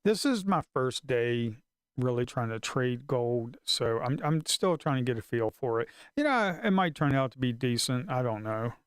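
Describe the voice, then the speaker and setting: A man's voice: medium pitch, big pitch swings, moderate pace, smooth, no room sound, clean studio sound. A man live-streaming his futures trading, talking to himself in a casual, frustrated way and swearing under his breath.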